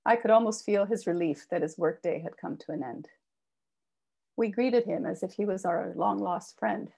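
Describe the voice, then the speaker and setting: A woman author reading a personal memoir aloud with expressive delivery. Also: medium pitch, normal speed, gravelly, breathy edge. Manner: expressive reading, raises voice for quoted shouts. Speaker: author reading her work.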